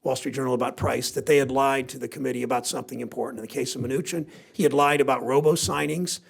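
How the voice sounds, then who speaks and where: A man in his sixties from Ohio with a raspy, gravelly voice, giving a rambling, self-deprecating keynote speech with anecdotes to a seated audience. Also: mid-range voice, steady tone, quick pace. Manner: rambling, self-deprecating storyteller with many restarts. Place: briefing room before a seated audience.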